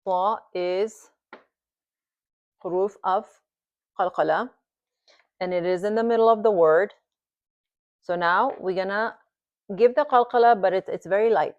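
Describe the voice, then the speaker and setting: A woman's voice: mid-range voice, unhurried, long pauses, no room sound, dull audio. A woman teaching recitation at a board, explaining patiently and demonstrating each sound several times.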